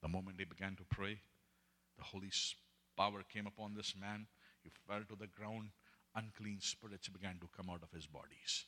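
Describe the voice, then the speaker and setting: A man preaching and telling testimony stories, swinging between hushed and loud, laughing often. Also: sits low, steady tone, normal speed, long reverb tail. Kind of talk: sermon storytelling.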